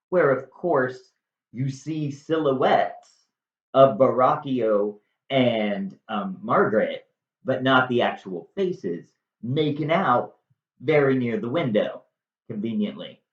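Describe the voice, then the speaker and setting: A man of middle pitch casually recaps a play with dry jokes and a loose, unhurried delivery. The recording sounds slightly muffled, and a roomy echo hangs around him. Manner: casual, joking, filler-heavy. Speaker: storyteller retelling a play. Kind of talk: casual retelling. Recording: dull echoey room recording.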